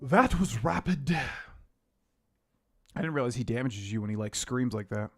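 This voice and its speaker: A young man casually commenting while playing a game, chatty and rambling, with sudden excited outbursts. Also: medium pitch, moderate pace. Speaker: game streamer.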